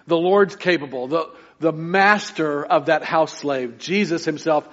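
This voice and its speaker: Male pastor, sermon delivery, earnest with emphatic peaks, slightly high voice, dull lo-fi recording. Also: a little slow, a bit bright, big-room sound. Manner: earnest preaching with sudden emphatic rises; stumbles and restarts between points. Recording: muffled lo-fi recording.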